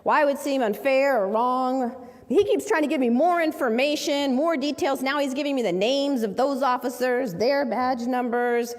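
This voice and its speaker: A woman's voice: high-pitched, moderate pace. A woman activist and author telling a personal story to an audience, acting out the voices of the people in it. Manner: vivid storyteller, acts out quoted voices. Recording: long hall reverb.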